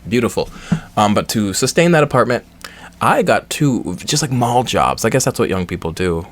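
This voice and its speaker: A man's voice: lowish voice, lively intonation, normal speed. A young man doing a game playthrough with playful, joking asides, reading the dialogue aloud. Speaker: game streamer. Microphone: headset or desk mic with face cam.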